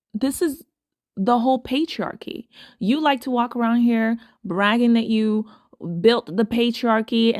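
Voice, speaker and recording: A woman's voice: medium pitch, no room sound, clean studio sound. A woman hosting casual commentary to her viewers, talking emphatically and repeating phrases for stress. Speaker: commentary host.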